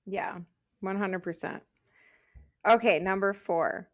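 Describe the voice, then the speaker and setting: A woman's voice: mid-range voice, slow pace. A woman co-hosting a podcast about motherhood, talking casually and candidly, laughing often between her points. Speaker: podcast co-host. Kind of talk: casual chat.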